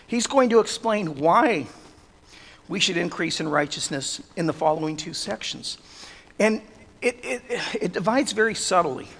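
A man preaching a sermon as pastor, earnest, building to loud emphatic peaks. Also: high-pitched. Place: church sanctuary. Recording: long reverb of a church hall.

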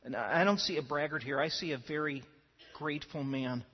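Husky-voiced preacher in an echoing hall. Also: male voice, on the high side, fairly quick. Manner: earnest, repeats words at starts of phrases. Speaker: pastor. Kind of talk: sermon. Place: church sanctuary. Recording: lo-fi with long hall reverb.

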